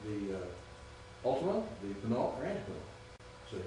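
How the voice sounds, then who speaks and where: Recorded at a distance in an echoey room with a noisy background, this male Greek teacher lectures patiently and keeps checking for understanding. He speaks at normal speed in a lowish voice with big pitch swings.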